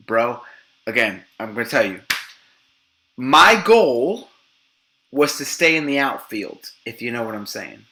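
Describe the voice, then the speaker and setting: A man telling a story as a guest in a casual podcast chat, animated and profane, acting out what others said. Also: medium pitch, unhurried, long pauses, slight background noise.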